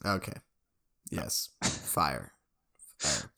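A man's voice: very deep voice, very animated, drawn-out words, creaky, pushed and bright. A man co-hosting a podcast in casual chat, laughing often and hyping up what comes next. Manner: laughs often, hypes up segments. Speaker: podcast co-host.

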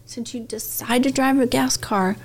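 Bright-voiced woman in casual chat. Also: a little high, normal speed. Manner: emphatic and earnest, talks about breathing and rituals.

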